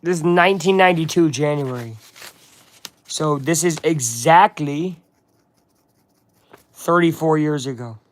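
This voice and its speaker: A man's voice: fairly high pitch, measured pace, long pauses. A man chatting casually on a live stream, reading a comic aloud and breaking off for asides to viewers.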